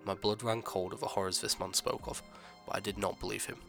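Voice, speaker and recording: Gravelly male horror storyteller. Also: fairly low pitch, fairly even intonation, a bit bright, faint music behind. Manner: measured, dramatic first-person telling.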